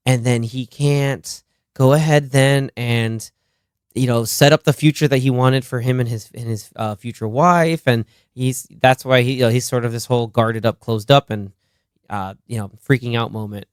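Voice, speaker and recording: A man in the middle of a movie podcast chat, at an ordinary pitch, recorded dry and close. He recounts scenes with lots of energy, breaking into laughs and little impressions of the characters. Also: moderate pace, smooth, dry recording. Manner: animated, laughing, acts out quotes. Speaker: podcast co-host. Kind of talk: casual movie discussion.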